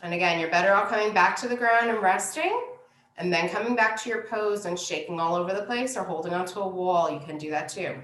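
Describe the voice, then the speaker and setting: A woman teaching a yoga class, giving calm, unhurried cues for poses and breathing. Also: on the low side, echoey room. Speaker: yoga instructor. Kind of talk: guided yoga class instruction.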